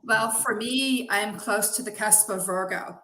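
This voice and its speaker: At a measured pace, a woman with a medium-pitched, sharp-toned voice chats as an interview guest, the head witch of a zine. She speaks casually and enthusiastically, full of praise for the people she works with. The recording has an echoey room sound.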